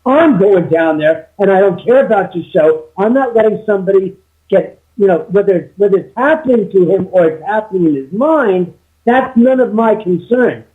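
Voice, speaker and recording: Male guest on a phone line, high-pitched, rambling storyteller full of restarts. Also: lively intonation, moderate pace. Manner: rambling with many restarts and quoted dialogue. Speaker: guest, homeowner. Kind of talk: casual interview storytelling.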